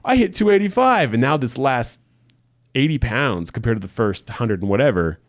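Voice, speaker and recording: A man's voice: medium pitch, big pitch swings, dry recording, clean studio sound. A man co-hosting a podcast in casual chat, rambling and restarting his sentences as he goes. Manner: quick, rambling, many restarts. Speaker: podcast co-host.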